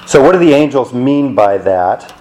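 A man's voice: mid-range voice, animated, normal speed, a little mellow, rough recording. A man preaching a sermon in a conversational way, asking rhetorical questions.

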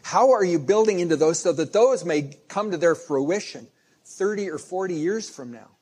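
Man, pastor giving a casual storytelling sermon, husky, slightly higher voice. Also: expressive, moderate pace, a little mellow. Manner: conversational storytelling preaching with restarts.

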